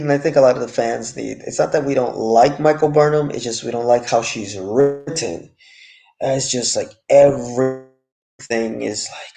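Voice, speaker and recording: A man's voice: mid-range voice, gravelly, dark tone. A man giving a casual, frank, rambling review of a TV series episode.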